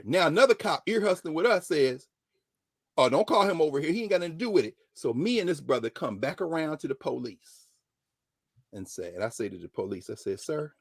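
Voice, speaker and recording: A middle-aged man, a professor telling a story dramatically, dropping to a hush and rising to shouts as he quotes people. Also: on the high side, sing-song, a little fast, vocal fry, breathy edge, dry recording, clean studio sound. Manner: dramatic retelling, voicing others in quotes, swinging from hushed to shouting. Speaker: professor and regular guest. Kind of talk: animated storytelling lesson.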